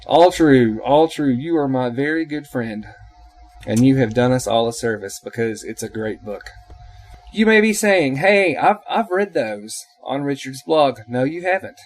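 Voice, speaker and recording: A man's voice: mid-range voice, normal speed, a little mellow. A man co-hosting a podcast in casual chat, talking with emphatic enthusiasm. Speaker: podcast co-host.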